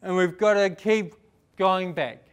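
Fast-talking New Zealand man, motivational speaker. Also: sits high, smooth. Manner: fast-talking, rising and falling for emphasis, asks the audience questions. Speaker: inspirational speaker. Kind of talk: motivational speech.

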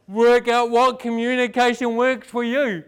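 A young man from New Zealand with a New Zealand accent, giving an energetic, fast-talking inspirational speech full of rhetorical questions. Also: very high-pitched, gravelly, clean tone. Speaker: inspirational speaker. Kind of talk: motivational speech.

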